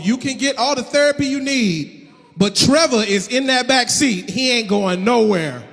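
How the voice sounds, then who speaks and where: High-voiced, animated male stand-up comic. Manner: animated, loud, punchy. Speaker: stand-up comedian. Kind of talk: stand-up comedy. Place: live comedy venue. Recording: long hall reverb, faint noise.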